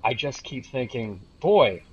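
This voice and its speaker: A man streams a video game and riffs on it with jokey, sarcastic commentary, laughing often. His voice is bright and a little husky, with lively swings of pitch. The stream audio sounds somewhat dull and lo-fi. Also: unhurried. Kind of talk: casual gameplay commentary.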